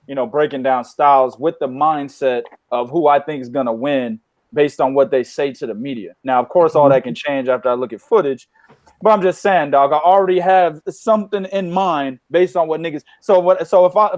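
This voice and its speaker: A man's voice: a little high, brisk, darkish tone, no echo. A man co-hosting a casual chat, blunt and profane, sometimes mimicking others. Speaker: podcast co-host.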